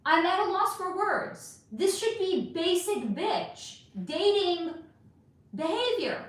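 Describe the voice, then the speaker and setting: A woman's voice: very high voice, a bit bright. A middle-aged woman hosting a casual livestream, reading chat comments aloud and ranting with plenty of swearing. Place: home room. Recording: echoey room.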